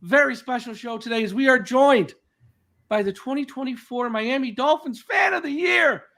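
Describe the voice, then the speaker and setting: Hoarse, high-voiced male podcast host. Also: lively intonation, moderate pace, bright, forceful tone, a little hiss or hum. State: hoarse, voice cracking from a cold. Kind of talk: casual interview chat.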